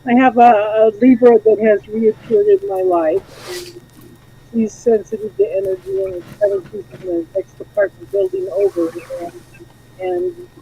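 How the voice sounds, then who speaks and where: A high-voiced woman hosts a live spiritual chat. She talks in a chatty, easygoing way about energy and protection. Her tone is mellow, and the stream audio sounds dull and lo-fi with a faint hiss underneath. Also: sing-song, normal speed, vocal fry.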